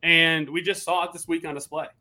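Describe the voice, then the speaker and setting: Slightly high-voiced, earnest male co-host. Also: level tone, a little fast, bright, forceful tone. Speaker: podcast co-host. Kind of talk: casual sports podcast chat.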